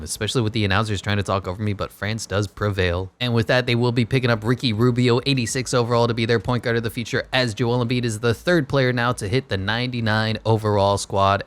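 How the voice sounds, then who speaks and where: Man, casual game play-by-play, joking asides. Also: mid-range voice. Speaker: gaming YouTuber. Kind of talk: casual play-by-play commentary over a basketball video game.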